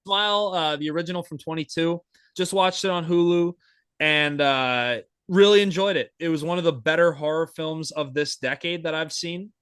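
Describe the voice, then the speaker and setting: A man's voice: on the high side, moderate pace, fairly bright tone, smooth, no echo, studio quality. A young man co-hosting a podcast, chatting casually and enthusiastically, rambling with lots of fillers and restarts. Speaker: podcast co-host.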